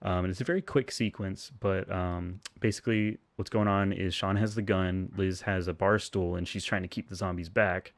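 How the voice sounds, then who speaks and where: A man with a very low voice talks through a film plot in loose, rambling podcast chat. He hesitates with frequent ums and restarts and laughs often. The sound is close and dry, with no room echo. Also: steady tone, normal speed, few pauses. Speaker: podcast co-host recapping a film. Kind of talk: casual chat.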